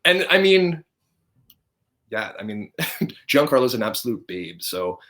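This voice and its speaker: A man in his thirties telling a story in casual chat as a podcast host, animated and laughing often. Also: mid-range voice, a little slow.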